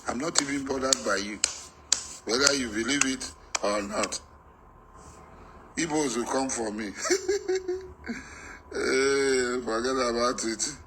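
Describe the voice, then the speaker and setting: A middle-aged Nigerian man giving a heated, defiant monologue, repeating himself and rising to shouts. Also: medium pitch, unhurried, pauses often, background noise. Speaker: political activist.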